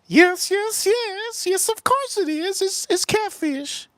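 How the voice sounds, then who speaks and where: A man voicing his spiteful middle-aged aunt with a Tennessee accent, in a high squeaky falsetto. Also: expressive, slow, fairly bright tone, no room sound, heavily acted. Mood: sassy.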